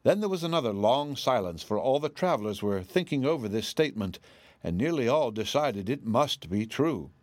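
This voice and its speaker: Man reading a storybook, lively pitch. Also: moderate pace, no room sound. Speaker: narrator.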